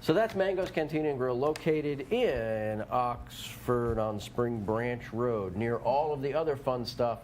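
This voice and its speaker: A man's voice: medium pitch, animated, unhurried, few pauses, darkish tone, a little hiss or hum. A man co-hosting a local TV deals show, chatting and teasing his co-host in a playful, easygoing way. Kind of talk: casual on-air banter. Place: local TV studio.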